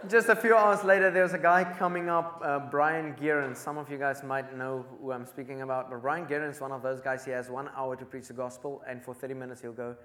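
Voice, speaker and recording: A man from Africa, telling an animated testimony as a preacher and acting out the dialogue. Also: medium pitch, brisk, hardly any pauses, reverberant. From South Africa. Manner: excitable storyteller who acts out dialogue.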